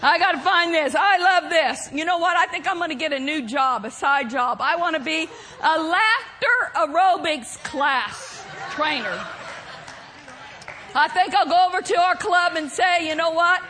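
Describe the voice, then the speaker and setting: A woman preacher, delivering a sermon and breaking into loud, exaggerated laughter and whoops. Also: very high voice, expressive, a little slow, a little hiss or hum.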